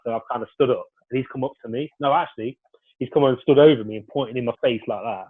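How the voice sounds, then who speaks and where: A former footballer tells stories in a loose, meandering way, restarting often, in a casual interview. His voice sits at a medium pitch and moves at a racing clip. The audio is narrow, like a phone line.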